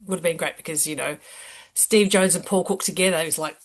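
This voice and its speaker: A middle-aged woman in a band, telling a story in an animated, salty way with lots of laughing. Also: on the low side, a little fast. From Australia. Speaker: band member. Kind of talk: casual interview storytelling.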